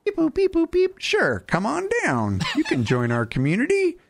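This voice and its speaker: A man's voice: very high voice, wildly swooping pitch, normal speed, vocal fry, pitched above the performer's own voice, heavily acted. A man voicing a mechanical dwarven folk that beeps and boops before talking. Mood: playful. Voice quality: beeping, robotic sound effects. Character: chirping mechanical dwarven folk, beeping like machines.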